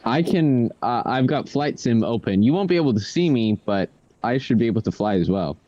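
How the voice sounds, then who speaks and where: A man's voice: medium pitch, expressive, fairly quick, warm tone, highs cut off. An American man co-hosting a live game stream, hesitant and easygoing, answering in short replies. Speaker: co-host. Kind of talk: casual live stream chat.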